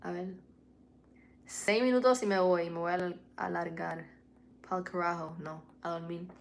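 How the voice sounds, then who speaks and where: Lowish-voiced woman chatting on a livestream. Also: fairly even intonation, normal speed, gravelly. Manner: mixes english and spanish, swears freely, candid. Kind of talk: casual livestream chat. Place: home at night.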